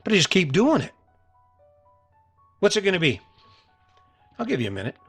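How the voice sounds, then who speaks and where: A middle-aged man's high voice swoops wildly in pitch as he hosts a motivational solo podcast, his fairly bright tone carrying a breathy edge at a moderate pace. He talks earnestly and casually to listeners, repeating himself and restarting sentences a lot. Faint music sits behind him.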